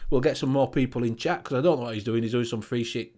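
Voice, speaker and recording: A man hosting a casual livestream chat show, energetic, laughing and swearing freely. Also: mid-range voice, fast talker. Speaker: show host.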